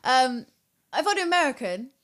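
A young English woman chatting on her podcast with a giggly, self-deprecating ease. Her pitch bounces all over the place as she talks, lively and animated. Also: moderate pace. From England. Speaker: podcast host and radio presenter. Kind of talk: casual chat.

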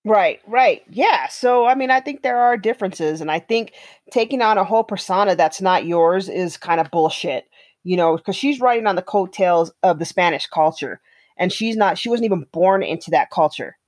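A woman's voice: lowish voice, lively intonation, normal speed, darkish tone, no echo. Chatty woman, dry close sound. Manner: chatty, hedging, many fillers and agreeing asides. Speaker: co-host. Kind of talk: casual opinion chat.

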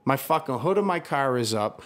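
A man talking casually in a conversation, worked up and swearing freely as he tells his story. He often stops and restarts mid-sentence and leans on filler words. His voice sits at an ordinary middle pitch for a man. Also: animated, normal speed, fairly bright tone. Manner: heated, profane storytelling with many restarts.

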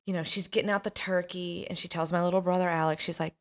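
A woman's voice: on the low side, steady tone, quick pace. Chatty woman telling a story. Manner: chatty, laughing, acts out voices. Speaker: podcast host telling a story. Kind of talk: casual storytelling.

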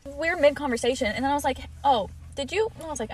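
A young woman co-host spins a long story in casual chat, talking fast in a slightly high voice. She fills it with "like" and plays out each quoted line as she goes. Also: expressive, a little hiss or hum. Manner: storytelling, quoting others with many "like"s. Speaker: podcast co-host.

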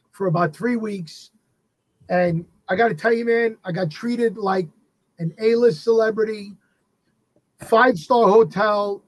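A man with a husky New voice tells a story on a podcast. His voice sits high, and the sound is close and dry. He talks casually and acts out everyone in his story. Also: dry recording, poor audio. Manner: animated, acts out the people he quotes. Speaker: actor guest on a podcast.

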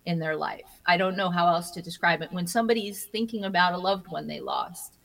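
Woman, interview guest, slightly low pitch, animated storytelling, laughs a lot, repeats words. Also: fairly quick, creaky, low-quality recording. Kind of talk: casual interview conversation.

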